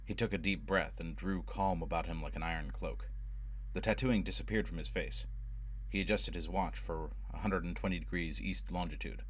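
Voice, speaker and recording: A man reading a novel aloud as an audiobook narrator, in a steady, measured way. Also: low-pitched, husky. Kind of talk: scripted narration.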